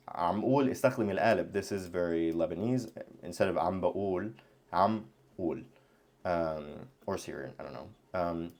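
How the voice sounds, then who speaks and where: An Arabic teacher gives a language lesson at his computer, his deep, darkish voice casual as he thinks aloud, full of fillers and restarts.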